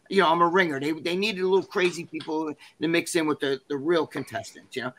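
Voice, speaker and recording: A man tells an anecdote in an interview, in a bright, forceful voice that sits a little high for a man. His delivery is animated and rambling, and heavy with swearing. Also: a little fast, a little hiss or hum. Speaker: interview guest. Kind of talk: casual storytelling.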